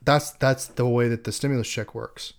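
Smooth-voiced man, hesitant and explaining. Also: mid-range voice, steady tone, normal speed. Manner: hesitant, many ums and restarts while explaining. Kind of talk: casual chat.

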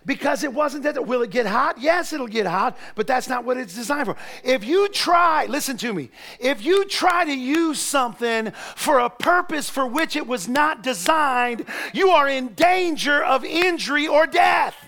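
Pastor, middle-aged man, very high gravelly voice, jokey anecdotes rising to shouting. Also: animated, moderate pace. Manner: folksy joking storytelling that builds to shouted preaching. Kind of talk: sermon. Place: church.

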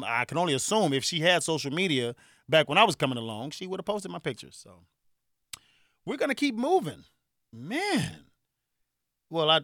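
A man in his forties from Chicago with a Chicago accent, hosting a casual solo podcast, animated and joking, laughing often. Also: on the high side, no room sound, studio quality. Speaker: podcast host.

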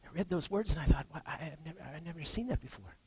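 A man preaching a sermon as pastor, earnest, reading scripture and moving between hushed and emphatic lines. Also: a little high, expressive, fast, slightly rough, low-quality recording.

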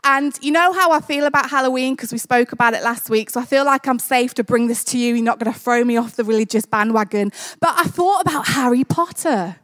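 A woman's voice: a little high, brisk, hardly any pauses, fairly bright tone. A woman preaching a sermon in a church, conversational and jokey, building to fervent exclamations.

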